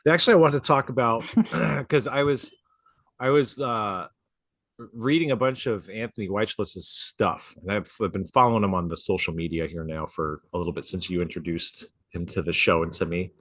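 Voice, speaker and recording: Coughing because a drink went down the wrong pipe, this man, a tattoo artist co-hosting a tattooing podcast, keeps up a casual chat full of swearing and laughs. He speaks at a moderate pace in a fairly low, fairly bright voice, recorded dry and clean in a home studio with outside noise nearby.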